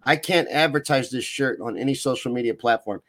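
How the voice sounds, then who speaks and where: A man with an ordinary mid-range voice hosts a relaxed online chat show. His voice sounds dry and close, with no room echo. He talks in an easygoing, friendly way. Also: medium pitch, fairly quick. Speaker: show host. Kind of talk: casual chat.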